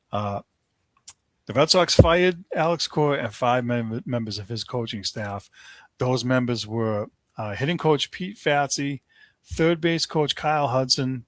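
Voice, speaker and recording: A man in a mid-range voice hosts a casual sports talk podcast. He rants with strong opinions and fills his speech with ums and you-knows. The sound is dry and close, with no room echo. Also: mid-range voice. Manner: opinionated, ranting, many fillers.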